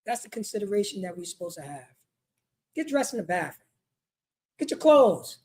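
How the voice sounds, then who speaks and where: A woman's voice: medium pitch, big pitch swings, moderate pace, darkish tone. A woman teaching a religious law class in an emphatic, repetitive street-style sermon, often asking "you know what I mean". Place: meeting hall.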